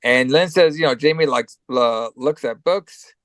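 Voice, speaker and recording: A man's voice: medium pitch, unhurried, a bit bright, no echo. Man with a cold, recapping casually. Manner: loose, profane play-by-play with many fillers. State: has a cold. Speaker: podcast co-host.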